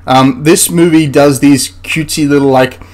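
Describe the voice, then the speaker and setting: A man's voice: on the high side, fairly even intonation, moderate pace, darkish tone. A man hosting a history channel, ranting through a film critique in an exasperated, rambling way with frequent restarts.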